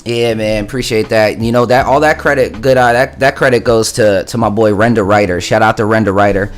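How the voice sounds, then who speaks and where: A young musician livestreams from home on a studio mic through an interface, his voice lowish, steady and fairly quick. He talks loosely to his chat, rambling along and swearing freely.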